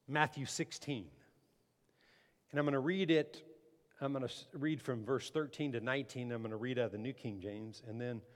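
A pastor preaching a sermon, emphatic and repeating phrases, calling the congregation to answer amen. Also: male voice, mid-range voice. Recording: long hall reverb.

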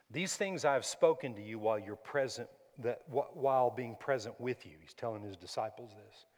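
A man preaching a sermon as pastor, calling out "Amen?" and rising to sudden loud, emphatic peaks. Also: mid-range voice, moderate pace, in a large hall.

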